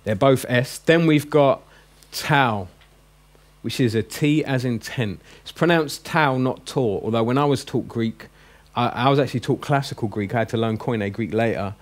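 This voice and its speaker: A man teaching a class of adults, chatty and joking as he drills each sound slowly and quizzes the room. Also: medium pitch. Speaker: Greek teacher. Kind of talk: classroom lesson. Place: classroom with a group.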